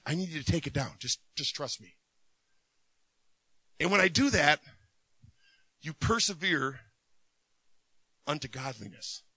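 Bright-voiced excitable male preacher. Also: high voice, no room sound. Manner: animated, swings from loud excited bursts to soft hushed asides. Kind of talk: sermon.

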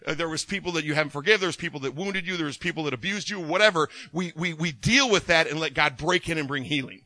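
A man preaching a sermon as a minister, telling stories in an animated way and laughing often. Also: fairly high pitch, fast.

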